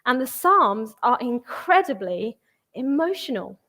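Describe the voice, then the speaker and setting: A woman's voice: fairly high pitch, big pitch swings, measured pace, bright, forceful tone. A young woman, preaching in a church in a conversational way and reading scripture with feeling. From England. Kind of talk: sermon.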